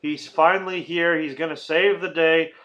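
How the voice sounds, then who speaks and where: A man's voice: a little high, fairly even intonation, moderate pace, sharp tone, highs cut off. A man hosting a casual movie-review podcast, rambling and swearing, often laughing and acting out silly quotes. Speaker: podcast host.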